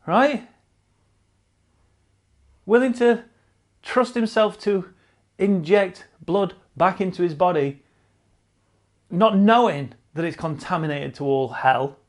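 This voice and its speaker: A man's voice: sits high, slow pace, long pauses. A man hosting casual online cycling news commentary, blunt and sarcastic, swearing freely and repeating himself for emphasis.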